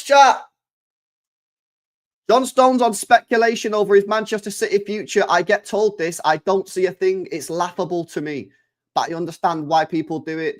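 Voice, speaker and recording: A man, chatting casually to his live-stream chat, excitable and swearing a lot, often swinging between loud and quiet. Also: sits high.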